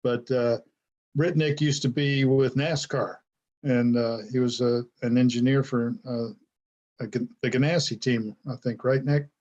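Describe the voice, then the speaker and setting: A man's voice: mid-range voice, fairly even intonation, a little slow, a little mellow, lo-fi sound. A man hosting a podcast who chats in a loose way, reading out viewer comments and laughing at his own remarks. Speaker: podcast host. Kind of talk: podcast interview.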